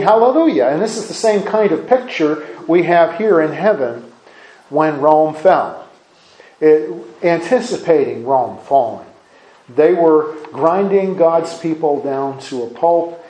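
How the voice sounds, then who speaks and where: A man with a fairly high voice gives earnest, sermon-style Bible teaching. He often repeats and restarts his words as he explains. The sound is roomy and echoey. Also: darkish tone. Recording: echoey room.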